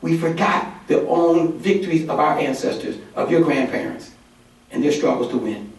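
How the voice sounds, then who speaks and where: Male organizer, slightly high voice, animated folksy storyteller, heard from far back in an echoey hall. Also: normal speed, gravelly. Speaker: community organizer giving a conference talk. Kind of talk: conference speech. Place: conference hall.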